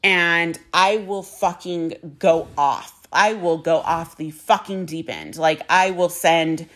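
Frank, low-voiced middle-aged woman. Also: slow, a bit bright. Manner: frank and casual, swears freely, many fillers. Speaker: vlogger sharing a personal story. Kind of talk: candid confessional monologue.

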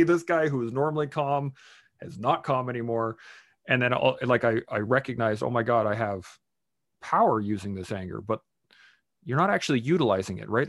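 Animated man telling anger stories. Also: on the low side, no echo, clean studio sound. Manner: animated, acts out his own angry outbursts; swears casually. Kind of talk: casual conversation.

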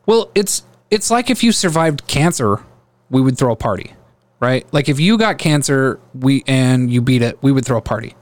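A man's voice: mid-range voice, animated, moderate pace, no echo. Man hosting a casual chat, dry sound. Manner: makes points through everyday analogies. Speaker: podcast host. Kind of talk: casual conversation.

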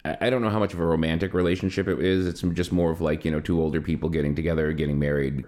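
A man co-hosting a podcast, telling a family story in a casual, rambling way, full of fillers and lively swings in his voice. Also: racing. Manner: rambling, many fillers, animated pitch swings. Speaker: podcast co-host.

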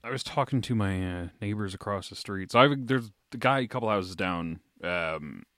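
A man's voice: lowish voice, moderate pace, no room sound, studio quality. A man in his thirties co-hosting a casual podcast, telling self-mocking stories full of swearing. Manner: lively, self-mocking, profane. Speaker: podcast co-host.

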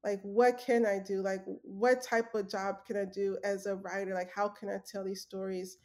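A woman's voice: medium pitch, level tone, moderate pace, darkish tone. An earnest young adult woman telling her story in a casual interview, with fillers and restarts. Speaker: guest, former journalist.

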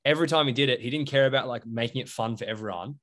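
A man's voice: medium pitch, racing, a bit bright. A young Australian man co-hosting a podcast in casual chat, rambling with lots of fillers. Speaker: podcast co-host.

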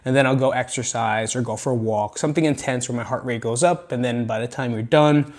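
A man hosting a solo podcast, speaking frankly and with lots of swearing, rambling between low mutters and loud venting. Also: fairly quick. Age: adult with children. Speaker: podcast host. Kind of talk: solo podcast monologue on anger.

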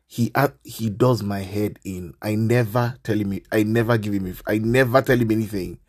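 A man, hosting a casual podcast and ranting in an animated, exasperated way. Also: lowish voice, moderate pace.

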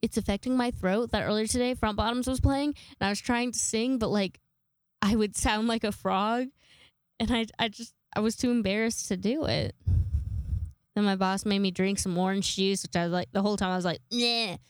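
A woman's voice: mid-range voice, fairly even intonation, a little fast, clean tone, no room sound. A young woman hosting a casual solo podcast, rambling and self-deprecating with casual swearing, a little congested from a sinus infection. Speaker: podcast host.

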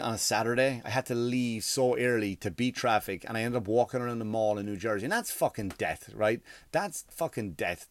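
A man's voice: mid-range voice, no room sound. A male stand-up comedian telling a rambling, profane story in casual chat, sounding exasperated.

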